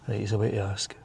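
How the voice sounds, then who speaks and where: A Scottish man with a husky, brash voice, chatting casually as a travel vlogger outdoors. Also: lowish voice, noisy background. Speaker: vlog host. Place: outdoors by campervans.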